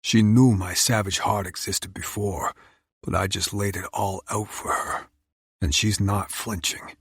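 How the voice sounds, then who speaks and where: A man narrating a first-person romance audiobook in an intense, measured, brooding way. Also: fairly low pitch, steady tone, breathy edge, no room sound, studio quality.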